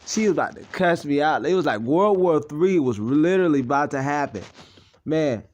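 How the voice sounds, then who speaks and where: A man's voice: a little high, lively intonation, normal speed, a little mellow, muffled recording. A young man talking in a blunt, rambling, profane personal monologue as a channel host.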